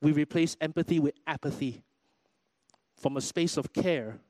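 A man preaching a sermon in a church, animated, acting out everyday quotes as he goes. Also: fairly high pitch, unhurried, no echo. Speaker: pastor.

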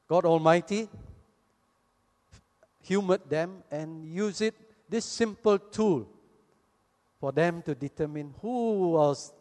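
A man preaches a sermon. He acts out the people in his story as he retells it, taking his time in a slow delivery. His voice carries a long reverb from the church hall. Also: a little high, a little mellow.

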